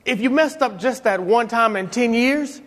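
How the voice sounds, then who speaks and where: A man telling stories about his late father, animated, acting out voices and laughing often. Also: very high-pitched, normal speed. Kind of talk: storytelling talk to an audience. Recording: long hall reverb.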